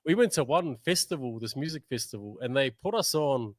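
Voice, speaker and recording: A man's voice: mid-range voice, animated, brisk, no echo. A man with a New Zealand accent, a musician guest chatting casually, laid-back, laughing often and saying "bro" a lot. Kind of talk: casual chat.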